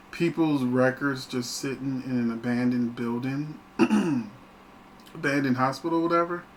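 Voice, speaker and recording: Male host, casual animated film reviewer, average pitch, slight background hiss. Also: poor audio. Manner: animated, chatty, laughs often.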